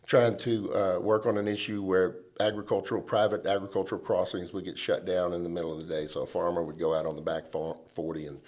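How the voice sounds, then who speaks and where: A middle-aged man, a lobbying veteran telling lively stories as a podcast guest and acting out the people he quotes. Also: low-pitched, fast, hardly any pauses. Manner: animated storyteller who acts out quoted people. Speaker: government relations veteran, guest. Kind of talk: casual storytelling chat.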